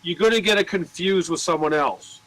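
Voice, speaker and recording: A man working in a record store, telling cursing, animated stories in casual chat. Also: high-pitched, moderate pace, no echo, low-quality recording. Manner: profane, animated storyteller.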